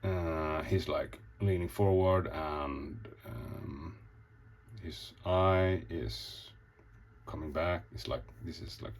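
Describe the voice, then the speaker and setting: Very deep gravelly man, rambling. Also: slow pace. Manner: rambling, swears a lot, acts out scenes. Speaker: comic artist. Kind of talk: casual show-and-tell.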